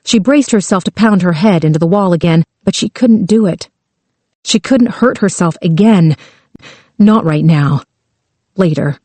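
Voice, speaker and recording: A woman narrating a thriller audiobook with a slow, tense delivery. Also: fairly low pitch, dark tone, dry recording.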